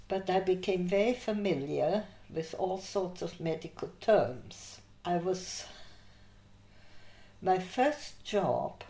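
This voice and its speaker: Older lady telling old stories, slow and low-ish, laughs a lot, roomy echo. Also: gravelly. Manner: lively anecdotal, laughs through her stories. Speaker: interviewee. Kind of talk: oral history storytelling. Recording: echoey room.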